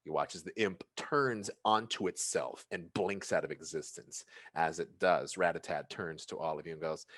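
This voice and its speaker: A man's voice: low voice, normal speed, few pauses, a bit bright, dry recording. A man narrating as game master in a casual, laid-back way, swearing now and then.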